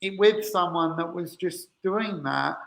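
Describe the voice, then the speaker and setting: A man's voice: high voice, unhurried, gravelly, a bit bright. Hesitant man in an echoey room. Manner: hesitant, restarts often, recounts dialogue. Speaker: co-host. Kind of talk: candid personal conversation.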